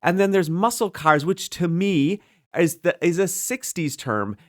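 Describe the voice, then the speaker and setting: A woman co-hosting a podcast, chatting casually about a TV episode, quick to joke and trailing off mid-thought. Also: fairly low pitch, animated. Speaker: podcast co-host. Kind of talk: casual chat.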